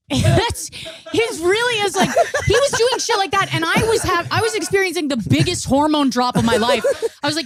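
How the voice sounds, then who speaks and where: High, expressive woman guest, candid. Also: measured pace, pauses often. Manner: candid and profane, tells stories with self-mocking humor. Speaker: podcast guest. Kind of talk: casual podcast conversation.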